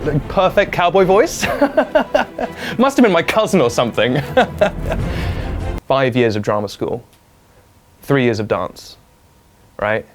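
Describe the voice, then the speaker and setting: A young English man hosting a comedy news show, deadpan and self-mocking. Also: a little high, takes it slowly, long pauses. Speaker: host. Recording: music bed under the voice.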